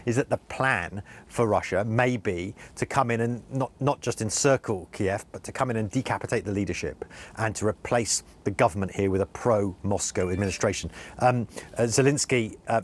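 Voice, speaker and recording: Brief: low-voiced male correspondent, earnest, halting live report. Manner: earnest, halting, many restarts. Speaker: senior international correspondent. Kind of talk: live news interview report.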